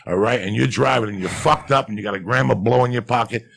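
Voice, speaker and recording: A man with a New York accent telling raunchy comic stories, profane and animated, often acting out other people's voices. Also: medium pitch, fast talker. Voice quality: gravelly, husky. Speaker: podcast guest storyteller.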